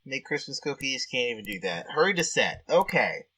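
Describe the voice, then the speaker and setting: A man's voice: medium pitch, big pitch swings, normal speed, pushed and bright, slightly rough. A man playing a text adventure and thinking aloud in a chatty, easily amused way as he reads out the game's text. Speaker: game player. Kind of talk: let's-play commentary and reading game text.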